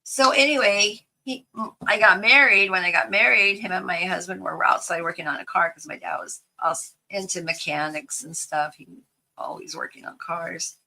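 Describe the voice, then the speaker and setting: A woman's voice: fairly low pitch, steady tone, moderate pace, vocal fry, sharp tone, poor audio. An older woman chatting casually while crafting at home, rambling through a family story and laughing easily. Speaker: craft vlogger.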